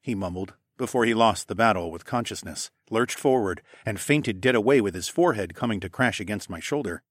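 Low-voiced male audiobook narrator. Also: fairly quick, few pauses, no room sound, clean studio sound. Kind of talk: first-person fiction narration.

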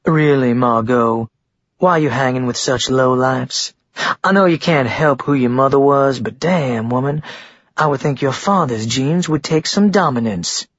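A man's voice: mid-range voice, measured pace, slightly rough, no room sound. A man doing a sneering, acidic frat boy. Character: sneering arrogant young male frat boy. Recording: dull dry muffled recording.

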